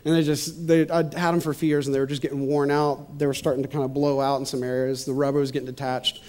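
A man's voice: mid-range voice, flat delivery, fast talker, darkish tone, a little hiss or hum. A man casually telling a personal testimony, chatty and laughing often, shifting into preacher-like repetition on points of faith. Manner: chatty storytelling with frequent laughs and "you know".

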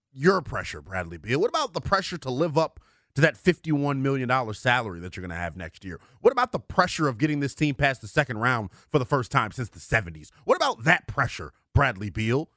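Animated sports radio co-host, man. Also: brisk, no room sound, studio quality. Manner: animated, swings from loud to low, rhetorical questions. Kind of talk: sports talk radio banter.

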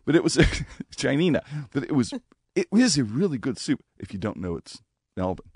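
A man telling family stories as a guest on a radio show, with an animated manner that acts out the voices of relatives. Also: mid-range voice, moderate pace, husky, dry recording, clean studio sound. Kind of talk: casual storytelling. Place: radio studio.

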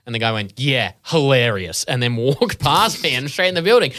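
A man's voice: mid-range voice, very animated, quick pace, bright, forceful tone, no room sound, studio quality. A man, a guest on a podcast, telling a laid-back story and swearing now and then. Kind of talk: casual chat.

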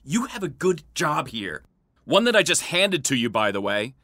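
A man's voice: a little high, very animated, normal speed, bright, forceful tone, no echo, clean studio sound, exaggerated voice. An actor playing a cold, controlling middle-aged father who belittles his daughter's worries.

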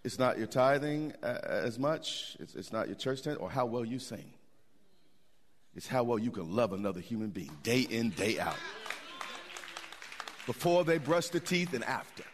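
A middle-aged man preaching a sermon, animated, with repetitions and asides to the congregation. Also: mid-range voice, moderate pace. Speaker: pastor.

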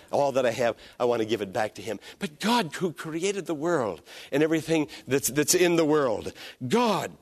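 A man preaching a sermon as pastor, emphatic, rising to loud peaks and dropping to hushed lines, leading the congregation in call and response. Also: medium pitch.

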